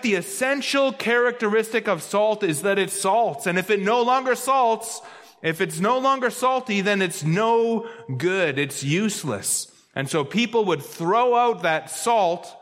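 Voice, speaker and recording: High-voiced pastor preaching in a reverberant hall. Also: male voice, lively intonation, unhurried, a bit bright. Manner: emphatic, repeats key words for stress. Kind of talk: sermon.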